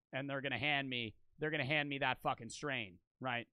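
A man's voice: mid-range voice, a little fast, hardly any pauses, sharp tone, clean tone, dry recording. A man in his twenties streaming and reacting to videos, rambling and joking with a lot of profanity. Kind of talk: casual stream chat.

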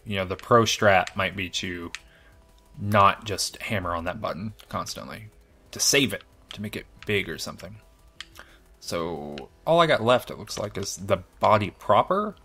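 A lower-pitched man talks through a shooter game as he plays it, thinking out loud in a loose, excitable way. He laughs off his own mistakes, with faint music underneath. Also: normal speed. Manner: excitable, self-deprecating, thinks aloud. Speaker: game commentator. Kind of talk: let's-play commentary.

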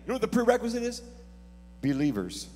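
A man preaching a sermon as pastor, telling stories and building to shouted preaching. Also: high voice, wildly swooping pitch, fast, long reverb tail. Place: church sanctuary.

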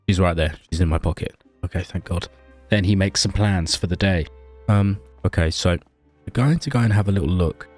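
A man narrating his survival game as a playful story, making wry asides and talking to his character. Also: lowish voice. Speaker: gaming video narrator.

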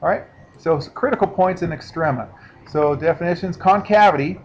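In a recorded classroom lecture, a male math teacher with a voice a bit high for a man explains a lesson in a relaxed, conversational way, pausing to make sure students are following. The recording is dull and lo-fi, with a faint hiss underneath.

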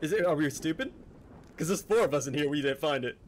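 A man's voice: a little high, lively intonation, quick pace. A young man streaming a horror game with friends, joking and laughing often, panicking when stuck. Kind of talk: casual gaming chat. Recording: faint background noise.

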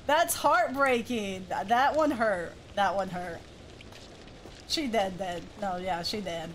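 A woman streaming a horror game, shouting and yelping at it, then talking with her viewers. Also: mid-range voice, animated, slow pace, a little hiss or hum. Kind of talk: live game commentary. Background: game music.

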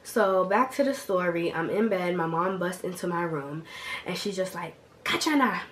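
A woman's voice: fairly low pitch, moderate pace. Brief: woman in her 20s, sick and a bit coughy, casual slangy storyteller, faint noise behind her. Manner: animated, slangy, talks straight to viewers. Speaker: vlogger.

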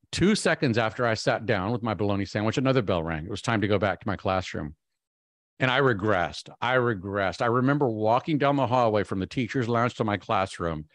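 A man's voice: lowish voice, no echo. Man, fifties, keynote speaker, self-deprecating storyteller, lots of ums and restarts, dry close sound. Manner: animated, self-mocking, frequent ums and restarts.

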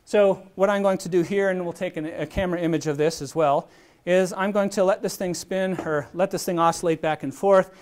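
Man, middle-aged, slightly high voice, physics lecture, lecture hall, conversational, step-by-step explaining. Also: steady tone, a little fast, a little mellow. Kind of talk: university lecture with live demonstration.

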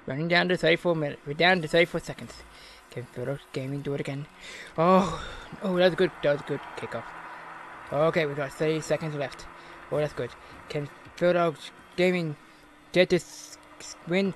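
An Australian man hosting a gaming channel, giving excitable mock sports commentary on his own match and cheering loudly. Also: a little high, moderate pace, long pauses, slight background noise. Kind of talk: self-commentary while playing a video game.

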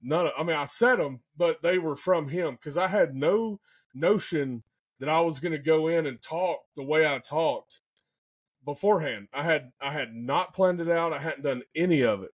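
A man, a podcast guest telling a story in an excitable, animated way and often saying "man" and "dude". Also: fairly high pitch, moderate pace, breathy edge. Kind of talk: casual storytelling.

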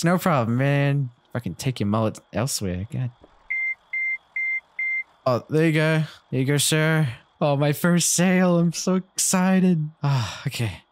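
A man's voice: medium pitch, slight background noise. A young man commenting as he plays a horror game, jittery and swearing, tossing jokey asides at the characters. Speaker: gaming video host.

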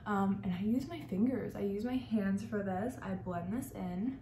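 In an echoey room with a faint hiss or hum, a young beauty vlogger and makeup artist chats through a makeup tutorial, gushing and saying "like" a great deal. Her voice is medium-pitched and dark, delivered at normal speed.

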